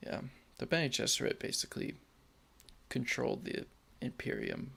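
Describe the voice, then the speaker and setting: A man's voice: medium pitch, huge pitch swings, moderate pace, creaky, a bit bright, husky. A man co-hosting a casual movie-review podcast, giggling often as he eagerly explains the lore. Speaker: podcast co-host.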